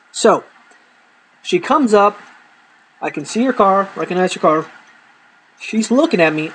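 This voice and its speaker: A man casually telling profane, animated stories from his life to camera, acting out the people in them. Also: high voice, a little hiss or hum, poor audio.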